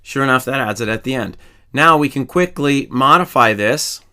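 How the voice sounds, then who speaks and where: A male programming instructor narrates a screen-recorded coding lesson, calmly and methodically explaining each step while typing. His ordinary mid-pitched voice has a bright, forward edge, and he keeps a moderate pace.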